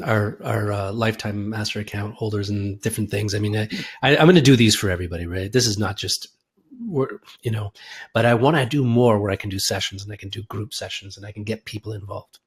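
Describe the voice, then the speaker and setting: A man hosting a live audio call, guiding listeners through a slow, soothing visualization and chatting casually. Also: fairly low pitch, slightly rough. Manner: slow, soothing, drawn-out guidance. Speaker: host leading a guided meditation.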